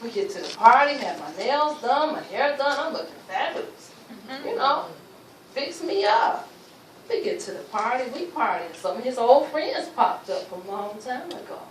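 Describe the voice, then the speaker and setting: A woman's voice: a little high, big pitch swings, normal speed. A woman giving an emphatic personal testimony at a luncheon, acting out the voices of the people in her story. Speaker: speaker sharing her testimony. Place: luncheon venue, roomy hall. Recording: echoey room, distant, with noise.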